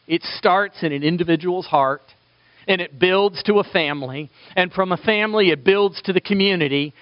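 A man preaching a sermon as pastor, animated and acting out quoted voices. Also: a little high, no room sound, lo-fi sound.

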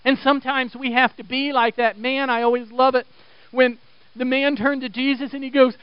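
A man preaching a sermon, swinging between loud, emphatic exhortation and quiet, intense stretches. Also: very high-pitched, flat delivery, moderate pace, clear, resonant tone, no echo, lo-fi sound. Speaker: pastor.

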